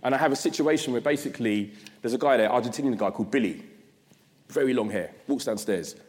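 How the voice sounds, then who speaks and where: A man with a London accent tells his life story at a middle pitch. He talks in an animated way and acts out his own past thoughts. His voice rings with a long reverb in a large hall. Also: fast talker. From South London, England. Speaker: guest speaker giving an address. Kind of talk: storytelling talk.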